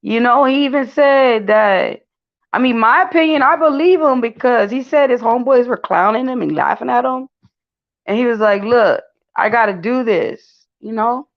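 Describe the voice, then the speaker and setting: On a dull lo-fi recording, a woman with a fairly high pitch and moderate pace hosts a casual celebrity gossip show. She's chatty, uses plenty of fillers, and calls her audience "y'all."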